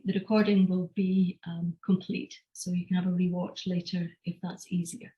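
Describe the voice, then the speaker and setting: A woman teaching a live online class, calmly explaining and guiding a breathing exercise. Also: medium pitch, rough recording. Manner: calm, measured explanation. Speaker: energy health teacher. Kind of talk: online lecture with guided breathing.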